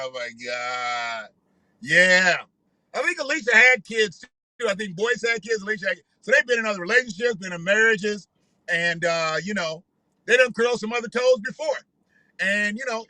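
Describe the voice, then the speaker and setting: A man's voice: very high-pitched, sharp tone, no room sound, low-quality recording. A man hosting a casual reaction commentary, joking and talking loosely with some profanity. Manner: laughing, joking, loose and profane street talk. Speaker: commentary vlog host.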